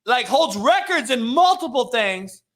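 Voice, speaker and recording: A man's voice: very high-pitched, sing-song, measured pace, a bit bright. A man hosting a casual sports talk show, blunt and profane, firing off strong opinions.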